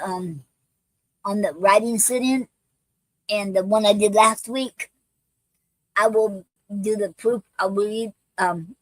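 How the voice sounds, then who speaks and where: Halting, affectionate woman hosting a livestream. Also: medium pitch, no room sound, poor audio. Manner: halting and repetitive, with many ums and restarts; affectionate toward viewers, calls them fam. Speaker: poetry livestream host. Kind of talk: casual livestream sign-off.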